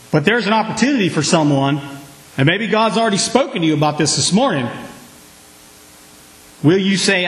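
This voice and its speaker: A man with a high voice preaches to his congregation, calling for responses and bursting into sudden shouts. The sound is roomy and echoing off the walls of the church sanctuary. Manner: preaching with call-and-response, sudden loud outbursts. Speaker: pastor. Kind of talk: sermon.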